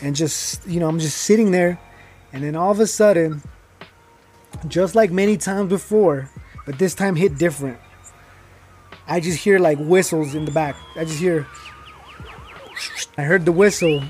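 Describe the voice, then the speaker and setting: A man's voice: on the high side, darkish tone. A young man telling his own life story in casual, rambling talk, full of fillers and restarts, growing heated as he goes.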